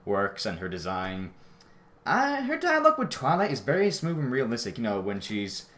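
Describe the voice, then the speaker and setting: A man talks through an episode review in a loose, off-the-cuff way, often backtracking and apologizing. His voice sits in a middle pitch but jumps high when he runs short of breath. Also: wildly swooping pitch, moderate pace, a bit bright. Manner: rambling, self-correcting, often apologetic. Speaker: show reviewer. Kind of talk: casual spoken episode review.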